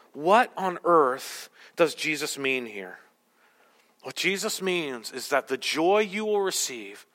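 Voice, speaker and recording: A man's voice: on the high side, bright, forceful tone, in a large hall. A male pastor preaching a sermon in a conversational way with self-deprecating humor.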